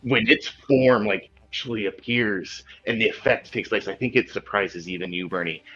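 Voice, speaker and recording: A man narrating as game master of a tabletop game, casual and halting, with many fillers. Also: fairly low pitch, a bit bright, a little hiss or hum. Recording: dull lo-fi sound with faint music.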